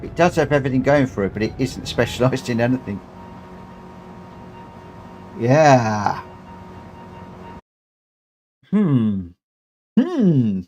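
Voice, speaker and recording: A middle-aged man hosting a racing game live stream, chatting in a relaxed, rambling way and often repeating his phrases. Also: mid-range voice, slow, long pauses, a little hiss or hum.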